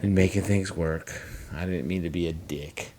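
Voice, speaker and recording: A man in his thirties with a very low voice talks candidly on a podcast. He swears freely and acts out bits of remembered conversations. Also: steady tone, normal speed, warm tone, dry recording. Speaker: podcast co-host. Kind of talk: casual chat.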